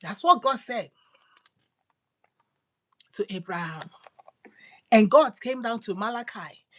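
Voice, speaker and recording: Woman preacher, higher voice, emphatic and repetitive, loud lines dropping to whispers. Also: animated, slow pace. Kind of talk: devotional sermon.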